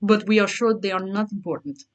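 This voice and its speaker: A woman voicing a stern older male mob boss and father, with a put-on Italian accent that drifts toward Russian, speaking slowly and formally. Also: medium pitch, steady tone, lightly acted. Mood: grave. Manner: slow, clipped, formal speech without contractions.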